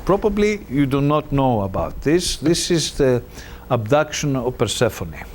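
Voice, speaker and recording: Slow-speaking male lecturer. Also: mid-range voice, a little hiss or hum. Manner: animated, halting with fillers. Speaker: presenter. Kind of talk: retelling a myth in a lecture.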